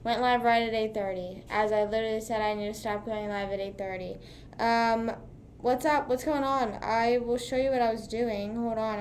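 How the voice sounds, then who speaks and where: A woman's voice: medium pitch, darkish tone, a little hiss or hum. A young woman under twenty-one chatting casually on a live stream, rambling with lots of fillers. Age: young adult.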